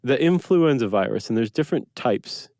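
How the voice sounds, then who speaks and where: A man's voice: medium pitch, expressive, moderate pace, a little mellow, no room sound, studio quality. A man co-hosting a podcast, explaining facts in curious, conversational casual chat. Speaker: podcast co-host.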